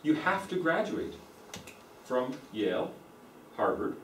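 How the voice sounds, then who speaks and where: A man with a plain General American accent gives a university lecture in a lecture room, explaining his points slowly and repeating them for emphasis. His medium-pitched voice swings widely in pitch, and the mic is distant, picking up roomy echo and slight background noise.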